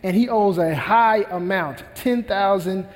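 A man's voice: high voice, unhurried, in a large hall. A male pastor preaching a sermon, retelling a parable with earnest, emphatic repetition.

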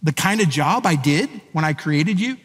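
A man voicing God as a calm, firm, reassuring figure inside a sermon retelling. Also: a little high, moderate pace. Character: patient, firm God speaking to Moses. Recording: echoey hall.

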